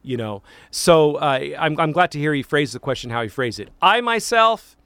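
Emphatic priest hosting a radio show. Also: male voice, mid-range voice, brisk, dry recording. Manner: animated, emphatic teaching with repetitions. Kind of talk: answering listener questions on call-in radio. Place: radio studio. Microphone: studio mic.

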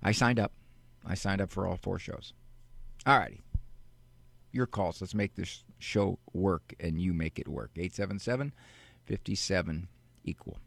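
A man hosting a call-in advice radio show, teaching in a deliberate way and firing off rhetorical questions. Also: low-pitched, gravelly, fairly bright tone, dry recording.

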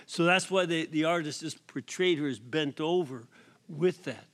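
A man, a priest, giving an emphatic sermon in a prison, rising to loud accents and sometimes dropping to a whisper. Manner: slow, emphatic preaching with sudden rises in pitch and volume; drops to a soft whisper for effect. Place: prison chapel or hall.

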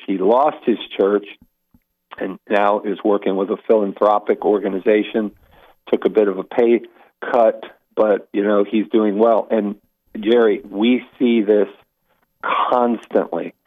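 A Catholic apologist with a lowish, unhurried voice calls into a radio show as an interview guest, heard over a tinny phone line. He tells stories animatedly, full of restarts and asides.

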